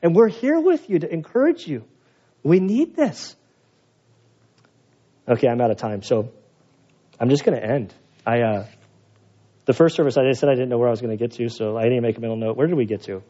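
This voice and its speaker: A male pastor delivers a sermon in a church, talking in a relaxed, conversational way and telling personal stories. His voice sits at an ordinary middle pitch and rises when he presses a point. The recording sounds a little dull and lo-fi. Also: a little fast, long pauses. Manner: conversational, storytelling with rising emphasis. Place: church sanctuary.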